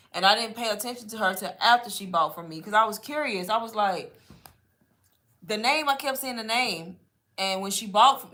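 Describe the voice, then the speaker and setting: A woman's voice: medium pitch, sharp tone. Chatty woman coaching. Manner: chatty, instructive, often says y'all. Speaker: online marketing coach. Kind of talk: casual live Q&A teaching.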